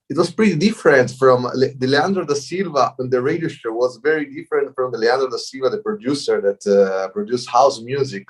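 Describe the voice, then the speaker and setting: A middle-aged man with an Italian accent, a DJ guest on a video call, speaking in halting English and often repeating words. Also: mid-range voice. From Italy. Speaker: DJ and producer guest. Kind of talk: casual interview. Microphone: computer mic over a video call.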